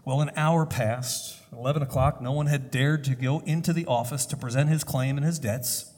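A man preaching a sermon, telling a story deliberately, with pauses and hesitations. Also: mid-range voice, fairly even intonation, a little mellow. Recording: long hall reverb.

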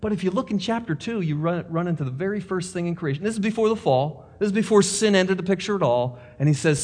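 A male pastor delivers an emphatic sermon in a fairly high voice, counting off his points and pressing rhetorical questions. His words ring out with a long reverb in what sounds like a church sanctuary. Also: quick pace, hardly any pauses, darkish tone. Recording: long reverb of a large hall.

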